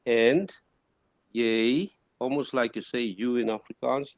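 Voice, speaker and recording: In an unhurried classroom lecture, a man patiently explains each point, often restarting his sentences as he goes. His mid-pitched voice is captured in a dry, close recording.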